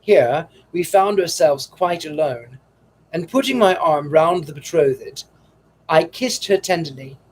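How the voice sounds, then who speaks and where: A man narrating a classic novel with measured, dramatic storytelling. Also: a little high, husky. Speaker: audiobook narrator.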